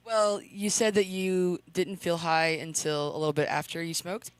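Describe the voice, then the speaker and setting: A man's voice: high-pitched, level tone, normal speed, clean tone, no room sound. A man on a talk panel asking skeptical follow-up questions about a story.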